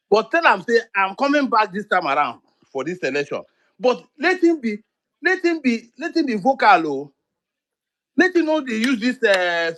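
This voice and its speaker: Impassioned Nigerian man, high voice. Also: fairly bright tone. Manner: repetitive, pleading, mixes in pidgin. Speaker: speaker on a live audio chat. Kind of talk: impassioned political talk.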